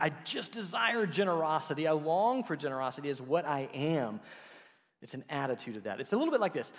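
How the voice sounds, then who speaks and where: A man preaching a sermon in a conversational, animated way, acting out the voices he quotes. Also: mid-range voice. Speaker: pastor. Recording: long hall reverb.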